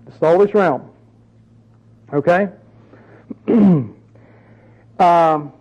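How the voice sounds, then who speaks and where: A man's voice: high voice, measured pace, pauses often, warm tone, muffled recording. A man preaching a sermon in a conversational, emphatic way, full of rhetorical questions.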